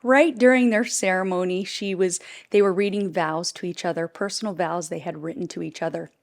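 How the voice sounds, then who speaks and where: A woman's voice: lowish voice, steady tone, a little fast. A middle-aged woman chatting casually in a clothing try-on video, bubbly and gushing, laughing often, on a clip-on mic indoors. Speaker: fashion vlogger. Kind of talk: casual try-on haul chat.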